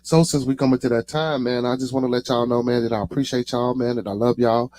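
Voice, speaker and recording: A man's voice: mid-range voice, steady tone, fast, darkish tone, no echo. A man with a Chicago accent hosting his own podcast, talking casually to his chat and saying "man" after nearly every phrase. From United States. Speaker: podcast host.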